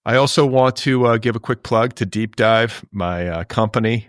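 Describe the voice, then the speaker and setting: A man hosting a pop culture podcast, chatting casually and reading ads in a dry, deadpan way. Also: mid-range voice, moderate pace, dry recording. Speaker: podcast host.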